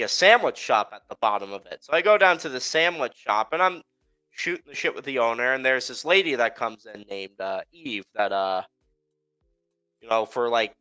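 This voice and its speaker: A man's voice: medium pitch, pushed and bright, clean tone, poor audio. A man co-hosting a casual chat, telling a travel story with lots of fillers and laughter. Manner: rambling, filler-heavy, laughs while telling. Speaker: podcast co-host.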